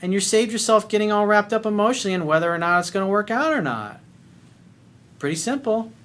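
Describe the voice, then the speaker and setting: A man's voice: high-pitched, animated, fast talker, fairly bright tone. A man giving dating advice in a video coaching monologue, blunt and emphatic, swearing freely.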